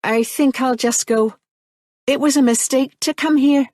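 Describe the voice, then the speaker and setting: A woman's voice: high voice, fairly even intonation, unhurried, darkish tone, no room sound, studio quality, voice pushed up. A woman voicing a guarded young woman who hides her identity, speaking in a raised, defiant voice.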